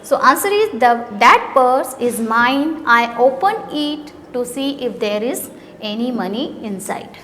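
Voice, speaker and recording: A woman's voice: on the high side, expressive, unhurried, sharp tone, long reverb tail, a little hiss or hum. A woman with an Indian English accent teaching an English grammar lesson. She reads each sentence aloud, then asks and answers her own questions about it. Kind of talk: explaining a grammar worksheet.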